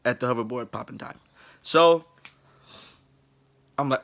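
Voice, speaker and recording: Man, late twenties, casual comedic storytelling, animated, bright voice, mid pitch. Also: measured pace, long pauses. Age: late 20s. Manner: animated, laughs through the story, acts out quoted people.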